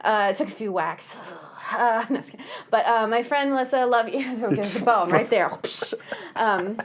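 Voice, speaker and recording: A woman's voice: fairly high pitch, unhurried. A woman from the hosting a casual book club podcast, chatty and giggly with lots of fillers. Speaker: podcast host.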